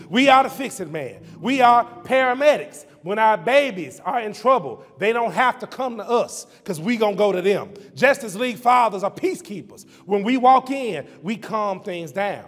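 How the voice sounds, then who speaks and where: Brief: man preacher, high voice, rhythmic rhyming sermon delivery, long church-hall reverb. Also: fairly bright tone. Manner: rhythmic rhyming preaching with call-and-repeat lists.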